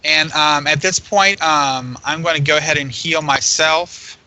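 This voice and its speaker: A man playing a tabletop game, hesitant and restarting his sentences. His voice is very bright and sits a little high. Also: fairly even intonation, measured pace. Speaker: player.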